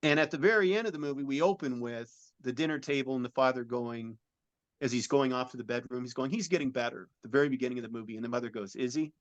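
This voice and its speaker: A man's voice: mid-range voice, quick pace, dry recording, highs cut off. Earnest middle-aged man telling a long story. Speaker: film director and producer. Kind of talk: interview, describing a film idea.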